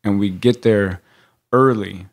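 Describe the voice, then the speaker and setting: A man's voice: lowish voice, slow pace. A man telling stories in a casual podcast chat, laughing often and swearing casually as he recounts events. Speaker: podcast co-host.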